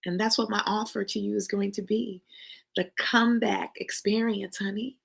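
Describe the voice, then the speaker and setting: A woman's voice: medium pitch, fairly even intonation, moderate pace, creaky, breathy edge. A woman giving an emphatic, preachy motivational talk who calls her listeners y'all and honey. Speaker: motivational speaker.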